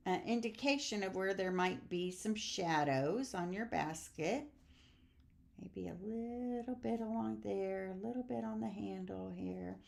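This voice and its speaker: An older woman, about sixty, hosting an online card-making class at a relaxed, chatty pace. She talks the viewer through each stamping and coloring step in a homey way, slipping in snippets of song and easy laughs. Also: mid-range voice. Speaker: crafting class host. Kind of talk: casual craft demonstration.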